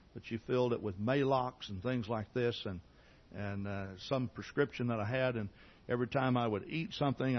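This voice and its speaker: A man preaching a sermon, telling his conversion story in a folksy way, often clearing his throat and restarting sentences. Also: mid-range voice, dull audio. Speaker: pastor. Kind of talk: sermon testimony.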